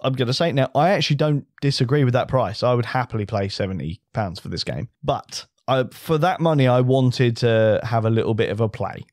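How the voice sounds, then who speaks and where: A man's voice: mid-range voice, expressive, brisk, few pauses, a little mellow, no echo, clean studio sound. Chatty enthusiastic man. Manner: enthusiastic, rambling, with frequent restarts. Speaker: co-host reviewing a board game. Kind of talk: casual podcast chat.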